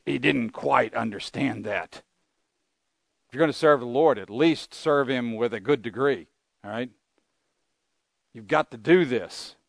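Speaking in a lowish voice with no room sound, an older pastor preaches earnestly yet conversationally. He keeps asking his audience rhetorical questions.

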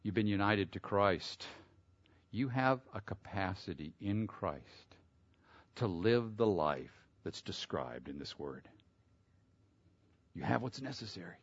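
A man preaching a sermon. He reads scripture aloud, explains it, and builds to loud, emphatic peaks. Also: fairly low pitch, expressive, takes it slowly, pauses often, husky, dry recording. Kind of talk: sermon, expository Bible teaching. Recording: dull lo-fi sound.

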